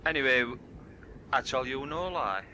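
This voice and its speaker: A man's voice: medium pitch, expressive, normal speed, pushed and bright, low-quality recording. A man, rambling through dirty jokes at a party and slipping into voices for the characters. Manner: rambling, broad dialect storytelling with voiced characters. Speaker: joke teller at a party. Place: home party. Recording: hissy old cassette tape.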